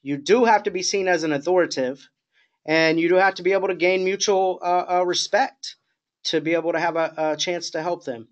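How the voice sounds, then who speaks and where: A man's voice: high-pitched, steady tone, fairly quick, dull audio. A man coaching new sales agents on a group call, talking informally with many restarts and asides. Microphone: conference call line.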